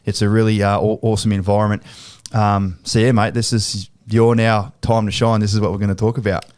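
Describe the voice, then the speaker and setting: An Australian podcast host chats casually in a studio interview, swearing freely and acting out quoted exchanges as he tells stories. His fairly low voice is clean, darkish and flat, with a brisk pace.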